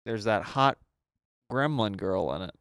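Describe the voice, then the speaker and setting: A man's voice: lowish voice, expressive, a little slow, gravelly, a bit bright, no echo, clean studio sound. A man hosting a comedy podcast in casual, teasing banter over a remote call. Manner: playful, teasing, jumps into silly voices. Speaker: podcast host.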